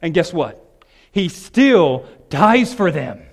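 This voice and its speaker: A man, a pastor, preaching a sermon with emphatic, animated delivery that swings between loud and soft. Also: a little high, slow pace, big-room sound.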